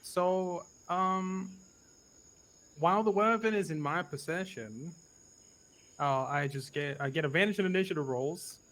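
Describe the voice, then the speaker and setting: A man playing a tabletop game, jokey and full of hesitant pauses. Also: fairly high pitch, fairly bright tone, low-quality recording. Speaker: player. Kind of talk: casual tabletop play.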